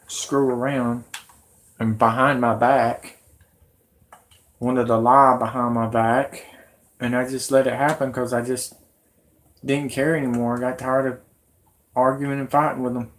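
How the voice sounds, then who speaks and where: A man in his thirties talks on a live stream in a loose, rambling way. His voice sits at an ordinary middle pitch, and he keeps working himself up into agitated, shouty bursts. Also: flat delivery, unhurried, long pauses.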